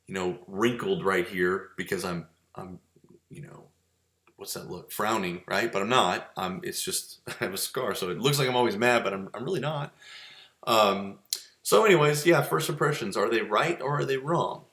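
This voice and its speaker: Low-voiced man lecturing in an echoey room. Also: moderate pace, fairly bright tone. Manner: conversational, rambling with many fillers and restarts. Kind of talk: casual recorded lecture. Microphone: webcam with filter.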